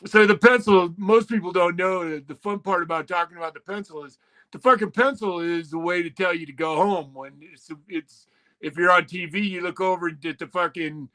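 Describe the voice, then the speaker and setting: High, bright-voiced host, profane, eager, conversational. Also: male voice, moderate pace. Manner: swears constantly, eager questioning. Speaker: podcast host. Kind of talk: casual interview chat.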